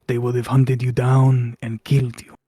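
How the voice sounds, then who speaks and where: A man's voice: medium pitch, monotone, normal speed, warm tone, no echo, close to an everyday voice. Man doing a stern old witch, formal, commanding, level tone, dry sound.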